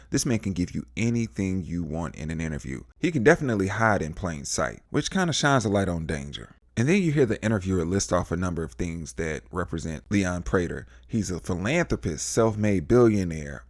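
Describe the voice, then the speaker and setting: A man's voice: low voice, brisk, no echo, clean studio sound. A man from the United States casually recapping a TV episode, animatedly acting out the characters' lines in different voices. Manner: animated, acts out quotes in voices. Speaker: TV recap host.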